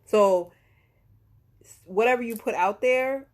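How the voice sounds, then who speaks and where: A woman's voice: on the high side, slow, a little mellow. A woman talks casually as a tarot reader on a live stream. Her delivery is loose and slangy, with a curse here and there. She keeps checking in with "okay?" and "right?" and corrects herself as she goes.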